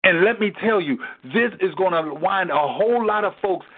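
A man's voice: high voice, expressive, normal speed. A man teaching a Bible study in a preaching cadence, asking rhetorical questions and repeating key phrases for emphasis. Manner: rhetorical questions, repeats "why?" and "guess what?". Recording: tinny phone-like recording.

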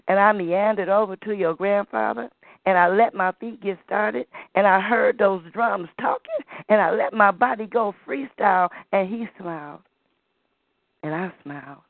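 A man voicing a proud old grandmother who tells the children family history in a slow storytelling way, heard over a tinny phone-like line. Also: high voice, creaky, no room sound.

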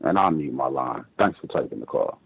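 A man calling in to a radio show, speaking in a hesitant, measured way with many pauses. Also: very deep voice, expressive, creaky, slightly rough, no room sound, highs cut off. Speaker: caller. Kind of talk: call-in radio commentary.

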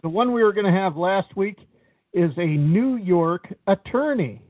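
A man's voice: high-pitched, animated, unhurried, dry recording. A man co-hosting an uncensored talk radio show in a laid-back way, steering the segment along. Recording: dry, distant phone-like sound.

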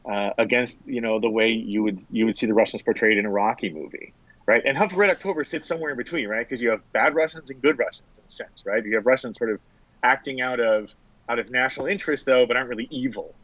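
A man's voice: medium pitch, fast talker, fairly bright tone, no room sound, lo-fi sound. A man who is a political science professor, giving thoughtful, hesitant answers with many fillers as a guest in an interview.

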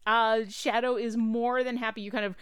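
Smooth-voiced woman running a tabletop game. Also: fairly high pitch, level tone, fairly bright tone, no echo, clean studio sound. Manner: brisk, upbeat rules-and-story narration. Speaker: dungeon master.

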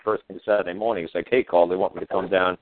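A podcast host with a low, steady male voice talks fast, rambling through a profane story in a casual way and doing the voices of its characters. Crowd noise sits behind him, and the recording sounds dry and tinny, like a phone line.

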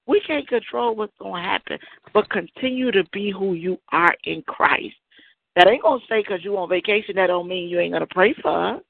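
A woman's voice: mid-range voice, a little fast, creaky. A woman calling in to a church show, speaking emphatically and preachily to encourage the pastor. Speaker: caller. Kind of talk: encouraging call-in testimony. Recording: dry, tinny phone line.

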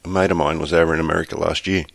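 A man's voice: rumbling low, level tone, rapid-fire, vocal fry, no echo. An Australian man co-hosting a podcast, chatting in a laid-back, rambling way with lots of ums. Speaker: podcast co-host. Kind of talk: casual chat.

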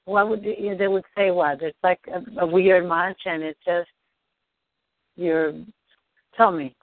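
A woman guides a client through a tapping session with gentle, probing questions. Her voice sits at an ordinary pitch. The sound is thin and phone-like, dry with no room echo. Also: steady tone, takes it slowly. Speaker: coach. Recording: dry tinny phone-like line.

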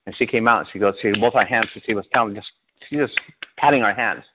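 A pastor from Southern California giving an animated personal testimony, often laughing as he tells it. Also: fairly low pitch, fast, noisy background. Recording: tinny phone-like sound.

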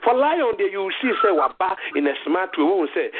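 High-voiced Ghanaian man preaching over the phone. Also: sing-song, husky. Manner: exhorting, repeats phrases with halting restarts. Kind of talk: sermon mixing Twi and English. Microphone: phone call. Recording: tinny phone line with faint noise.

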